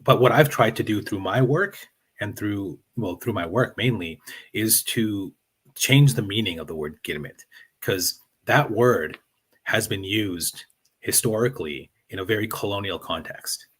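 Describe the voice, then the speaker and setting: A man's voice: fairly low pitch, animated, measured pace, a bit bright, husky. A man from Fiji with a Canadian accent, speaking earnestly and passionately as a podcast guest, with many restarts. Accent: Canadian English. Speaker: podcast guest, heritage advocate. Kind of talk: conversational interview.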